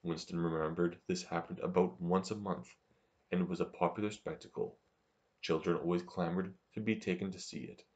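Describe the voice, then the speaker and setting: A man narrating a novel as an audiobook in a steady, measured reading. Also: low-pitched, highs cut off.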